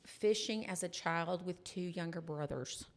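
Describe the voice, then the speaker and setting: A woman with a slightly low voice hosts a relaxed podcast conversation. She nudges it along with quick, encouraging replies, then tells her own story in a plain, easy way. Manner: encouraging listener, short backchannels. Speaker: podcast host. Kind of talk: casual chat.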